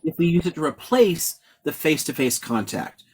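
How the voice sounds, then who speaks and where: A man's voice: a little high, sing-song, moderate pace, darkish tone, a little hiss or hum. A man hosting a casual live-stream discussion, talking bluntly and swearing freely. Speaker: host.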